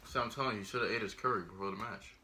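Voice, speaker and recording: A young man co-hosting a casual podcast, tossing in quick, sarcastic remarks. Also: fairly low pitch, background noise. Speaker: podcast co-host. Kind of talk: casual chat.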